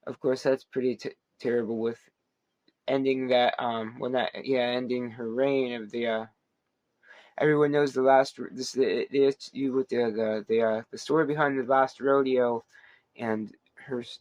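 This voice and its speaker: A man's voice: mid-range voice, a little mellow, dry recording. A man hosting a wrestling podcast, giving a casual, rambling recap full of fillers, restarts and playful asides.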